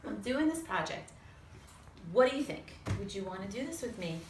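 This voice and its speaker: A woman telling a lively personal story to a small audience, acting out other people's voices and swearing casually. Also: medium pitch, normal speed. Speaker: storyteller on a talk show. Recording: roomy sound from a distance with faint noise.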